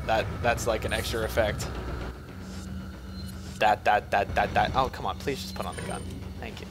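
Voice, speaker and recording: A man giving goofy, self-mocking commentary while playing a video game, jumping to silly high yelps. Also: fairly quick, noisy background. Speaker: let's play gamer. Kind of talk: joking gameplay commentary.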